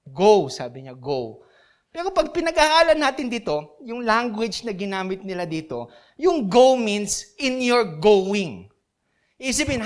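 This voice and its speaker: Emphatic Filipino woman preaching. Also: on the high side. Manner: switches between English and Tagalog, with rhetorical questions; emphatic, repeats key phrases. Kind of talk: sermon.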